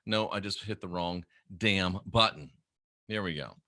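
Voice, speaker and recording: A man's voice: deep voice, unhurried, pushed and bright, no room sound, clean studio sound. A middle-aged man, a former minister, delivering a sarcastic, scornful ranting monologue to camera. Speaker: former minister turned critic.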